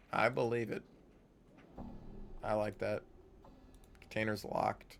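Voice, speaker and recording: Slow-talking man muttering over a game. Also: on the low side, steady tone, gravelly. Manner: muttering to himself, reading game text aloud. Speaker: streamer. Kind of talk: casual gameplay commentary.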